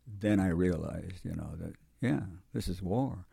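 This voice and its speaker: A man's voice: deep voice, moderate pace, gravelly, mellow, slightly rough, no echo, clean studio sound. An older man, a Marine veteran, telling his war memories in an interview, rambling and repeating himself, acting out what people said. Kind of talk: oral history interview, storytelling.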